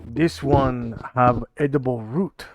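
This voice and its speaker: A man voicing a polite male desert hare who speaks slow, broken phrases in a put-on West Asian accent. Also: medium pitch, fairly even intonation, a little hiss or hum, lightly acted. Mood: earnest.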